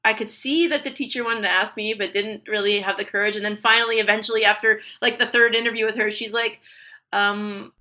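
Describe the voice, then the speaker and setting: A woman's voice: medium pitch, fairly even intonation, fairly quick, sharp tone. A middle-aged woman, a linguist guest on a podcast interview, talking in a chatty way and laughing often as she explains. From Canada.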